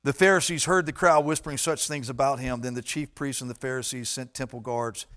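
A male preacher delivering a sermon in an animated way, swinging from hushed, intimate lines to loud, emphatic ones. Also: mid-range voice, fairly quick.

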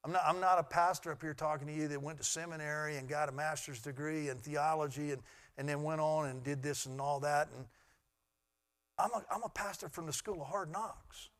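A middle-aged man, a pastor, preaching a sermon in an earnest way that swings from loud to hushed. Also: on the high side, a little fast.

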